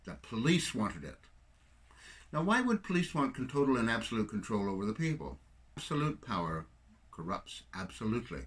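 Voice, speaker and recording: A man's voice: lowish voice, sing-song, normal speed, fairly bright tone. An older man from Canada giving a rambling, sarcastic solo political monologue, full of digressions. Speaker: political commentator.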